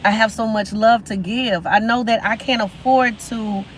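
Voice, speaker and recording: Young woman, live-stream host, emphatic motivational talk on a phone mic, soft background hiss. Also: on the high side, fairly even intonation, moderate pace, low-quality recording. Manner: emphatic, repeats phrases for emphasis. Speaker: livestream host.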